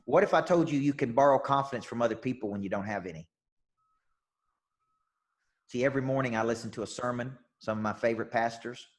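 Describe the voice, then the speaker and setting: A man's voice: mid-range voice, fast, long pauses. A man with a Southern US drawl delivers a motivational coaching session in an intense, upbeat manner. He hammers home points by repeating them and keeps asking his audience "okay?" and "right?" His voice sits in an ordinary middle register. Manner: emphatic and repetitive, checks in with "okay?" and "right?". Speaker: life and business coach. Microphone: online call session.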